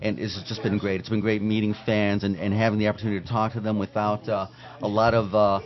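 A man guest on a podcast, halting and repeating words as he thanks the hosts. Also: lowish voice, level tone, a crowd in the background. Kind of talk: casual chat. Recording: dull lo-fi sound.

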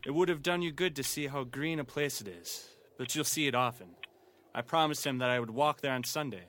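An actor playing a humble, sentimental poor father who speaks softly and earnestly to his family. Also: mid-range voice, a little fast, slight background noise, natural voice. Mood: tender. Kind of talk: comedy audio parody.

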